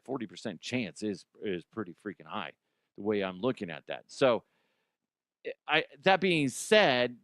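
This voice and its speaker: A man's voice: medium pitch, fairly bright tone, clear, resonant tone, no room sound, studio quality. A man hosting comedic news commentary, rambling, jokey and profane. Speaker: host.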